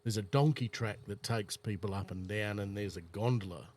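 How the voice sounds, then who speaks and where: A man's voice: lowish voice, moderate pace, darkish tone, slight background noise. A man with an Australian accent, casually rambling through travel anecdotes on a chat podcast. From South Australia. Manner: rambling anecdotal storyteller, laid-back.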